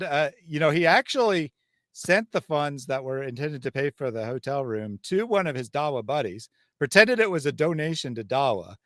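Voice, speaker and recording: A man's voice: medium pitch, no echo, clean studio sound. A man hosting a live stream, reading super chats with wry, sardonic asides. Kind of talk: casual live chat.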